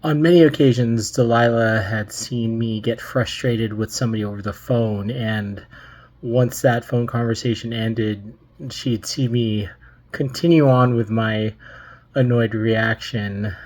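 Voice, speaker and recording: A man giving a personal memorial tribute to a colleague, telling a story slowly and reflectively with gentle humor. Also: mid-range voice, fairly even intonation.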